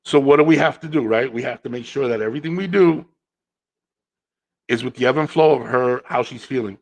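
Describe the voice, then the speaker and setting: A man's voice: medium pitch, brisk, creaky. Guy hosting a podcast, storytelling, acts out what people said, repeats stuff to drive it home. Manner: animated storytelling, acts out quotes; repeats phrases for emphasis. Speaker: podcast host. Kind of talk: casual monologue.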